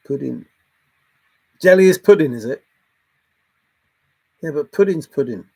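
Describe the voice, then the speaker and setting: Casting: male streamer, gravelly and husky, loose rambling chat with frequent laughs. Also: a little high, expressive, measured pace, dark tone. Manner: chatty, laughs often, wanders between topics. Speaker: livestream host reading chat.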